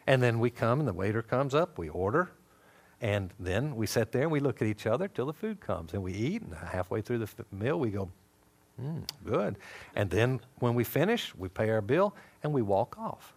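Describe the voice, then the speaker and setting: A man teaching scripture with a lively, swooping voice at a middle pitch. He tells it as a story, slipping into voices for each person in it. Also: a little fast. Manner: animated storytelling, acting out dialogue. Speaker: Bible teacher. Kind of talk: sermon-style teaching.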